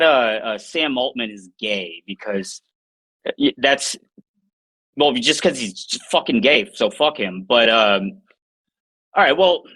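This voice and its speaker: A man's voice: mid-range voice, sharp tone, rough recording. Plain-voiced guy cussing a lot, blunt podcast banter. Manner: blunt and profane. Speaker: podcast co-host. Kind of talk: casual chat.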